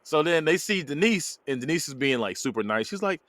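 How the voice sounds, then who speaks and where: Male podcast host, animated storyteller, very expressive pitch, dry mic. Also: fairly quick, few pauses, no room sound. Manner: animated storyteller, laughs often. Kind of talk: casual movie recap chat.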